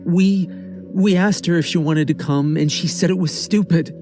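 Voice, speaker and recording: A man's voice: fairly high pitch, steady tone, moderate pace, darkish tone, faint music behind, voice pushed up, natural voice. A man voicing a frightened teenage girl who stumbles over her words. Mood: flustered. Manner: stammering, defensive.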